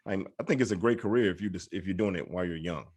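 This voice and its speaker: A man's voice: sits low, very fast, darkish tone, slightly rough. A middle-aged man co-hosting a podcast in casual, laid-back chat, often asking "right?". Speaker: podcast co-host.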